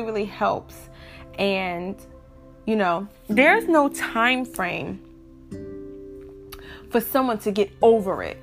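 A woman's voice: medium pitch, expressive, slow pace, pauses often, faint music behind. A young woman talking candidly to her viewers in a casual vlog, interrupted now and then by hiccups. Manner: candid, talks straight to viewers. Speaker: vlogger. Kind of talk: casual talk to camera.

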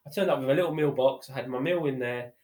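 A man tells his story as a podcast guest. He rambles warmly, leaning on "you know" and "literally", and restarts his sentences often. The room around him gives his voice a noticeable echo. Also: medium pitch, fast. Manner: chatty, repeats himself, many fillers like "you know" and "literally". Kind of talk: casual conversational storytelling. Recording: roomy echo.

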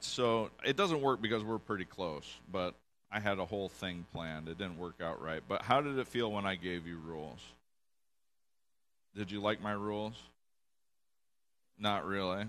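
A man delivers a relaxed, joking sermon to his congregation, his voice sitting low yet carrying a bright, forceful edge. He often breaks off and restarts sentences as he talks, keeping the tone conversational rather than formal. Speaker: pastor. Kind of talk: casual sermon with audience volunteers. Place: church in front of a congregation.

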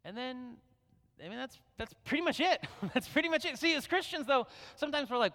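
Middle-aged male pastor, bright voice, relaxed chatty sermon delivery, long reverb in the room. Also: extremely high pitch, fairly quick. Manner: conversational preaching, frequent "right?" asides.

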